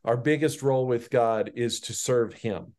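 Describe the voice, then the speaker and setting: A man teaching on a Bible passage in a conversational, animated way, with casual asides. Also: mid-range voice, measured pace.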